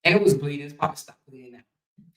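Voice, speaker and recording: A woman with a deep voice hosts a casual commentary livestream, speaking quickly, bluntly and profanely while hurling rhetorical questions at her viewers. She sits somewhat off mic, far from it, in an echoey room.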